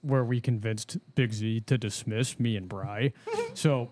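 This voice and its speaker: A man's voice: mid-range voice, steady tone, a little slow, a little mellow. A man in his twenties co-hosting a podcast, swearing freely and filling his stories with "like". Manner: profane storytelling, lots of "like". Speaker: podcast co-host. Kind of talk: casual chat.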